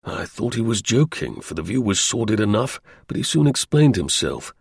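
A man reading a classic novel aloud as narrator, in an even storytelling manner. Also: lowish voice, moderate pace, creaky, hardly any pauses, husky, dry recording, studio quality. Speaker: audiobook narrator.

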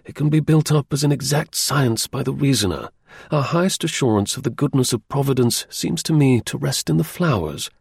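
A man voicing a sharp, aloof male detective who speaks in a measured, lecturing way, in a husky, gravelly voice. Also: mid-range voice, expressive, no echo, voice pushed up, heavily acted. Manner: measured, explaining, a little dry.

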